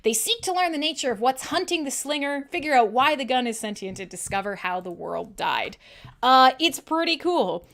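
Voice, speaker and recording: Woman, metal show host, casual live-stream chat, rambling and irreverent, bright, tense voice, slightly high. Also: expressive, moderate pace, gravelly. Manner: talks to her dog in a soft coo.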